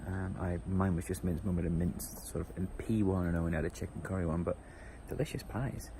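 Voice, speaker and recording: A man chatting casually to a handheld camera as a travel vlogger, relaxed and full of fillers. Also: deep voice, a little fast. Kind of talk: casual vlog narration. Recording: loud background noise.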